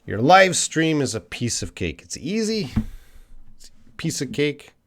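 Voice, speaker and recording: A man's voice: fairly high pitch, big pitch swings, measured pace, fairly bright tone, a little hiss or hum. A man with a Canadian accent, an English teacher, answering viewers' questions in a casual live stream, thinking aloud with fillers and restarts.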